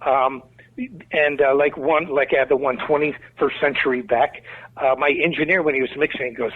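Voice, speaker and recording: A man's voice: medium pitch, steady tone, moderate pace. A man with a Chicago accent, a guest musician rambling through stories in a casual interview. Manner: rambling, talkative storyteller. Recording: tinny phone-like line.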